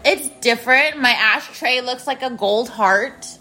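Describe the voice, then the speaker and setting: A woman's voice: a little high, a little slow, pushed and bright, faint music behind. A woman in her thirties hosting a casual solo podcast from a spare bedroom at home. She talks straight to her listeners and repeats her phrases. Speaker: podcast host.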